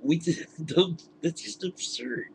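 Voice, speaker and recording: A man's voice: high voice, takes it slowly, creaky, slight background noise, rough recording. A man ranting indignantly into his webcam, laughing often as he talks. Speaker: vlogger. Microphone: webcam mic.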